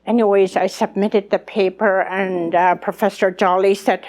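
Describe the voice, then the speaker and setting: An older woman speaks as an elder at a conference, her medium-pitched, darkish voice barely shifting in pitch at a moderate pace. She tells her life story earnestly as personal testimony, acting out conversations she remembers.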